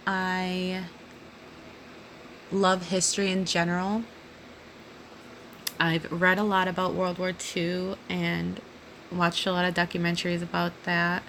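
Slow, giggly tipsy woman in her thirties. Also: lowish voice, monotone, slight background noise. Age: 30s. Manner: giggly, rambling, drops to soft near-whispers. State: drunk. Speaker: audio creator answering listener questions. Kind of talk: casual solo Q&A monologue.

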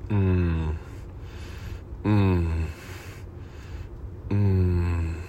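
A man performing an erotic audio role-play in a dominant, commanding and profane manner, with breathy moans between lines. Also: sits low, little pitch movement, extremely slow, mellow, dull audio, slight background noise.

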